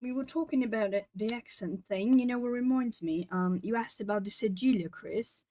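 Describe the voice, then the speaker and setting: A woman's voice: on the high side, moderate pace, warm tone. A young woman from Brazil, a Portuguese native speaker, chatting casually on an art stream while colouring and reading out chat. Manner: chatty, rambling, reads chat aloud.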